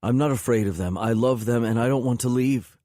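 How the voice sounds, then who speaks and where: A man's voice: mid-range voice, brisk, mellow, no echo, studio quality, pitched above the performer's own voice, lightly acted. A man voicing a young woman, tearful and defiant, in an audiobook. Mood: pleading. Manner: raised, pleading.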